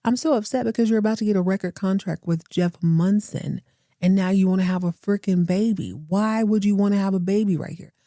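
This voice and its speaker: A woman's voice: medium pitch, a little fast, warm tone, no echo, clean studio sound, close to an everyday voice. A woman putting on a selfish, cold younger man in her own voice while recapping, with an exasperated, dismissive tone.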